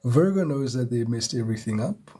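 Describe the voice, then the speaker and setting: A man's voice: medium pitch, expressive, brisk, dark tone. A man giving a chatty live tarot reading, greeting viewers and chuckling often. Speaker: tarot reader. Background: music.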